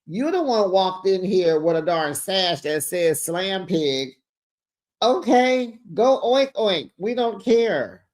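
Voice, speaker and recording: Sassy recap host spilling the tea, gossipy, mid-pitch voice, chatty. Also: expressive, slow, darkish tone. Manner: sassy, gossipy, exclaims and laughs while retelling. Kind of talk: casual reality-TV recap commentary.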